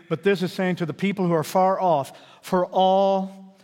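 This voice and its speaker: A man preaching a sermon, animated and swinging from loud declarations to hushed, intimate pleas. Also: sits high, a little fast, in a large hall. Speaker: pastor.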